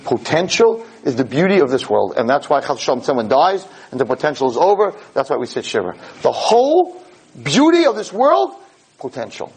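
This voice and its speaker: A man giving a podcast Torah class in an animated way. He stumbles over repeated words as he builds each point and acts out parents and kids in quick asides. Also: medium pitch, husky. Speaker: Torah lecturer.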